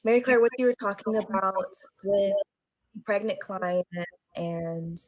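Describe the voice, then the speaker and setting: A woman speaking on a video call panel, giving halting, emotional personal testimony and apologizing as her voice breaks. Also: medium pitch, dry recording, poor audio.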